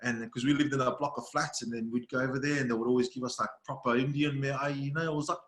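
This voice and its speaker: In a casual podcast conversation, an Australian video creator talks fast in a mid-range voice, laughing and spinning stories. He imitates others with animated voices, and the audio has a roomy quality.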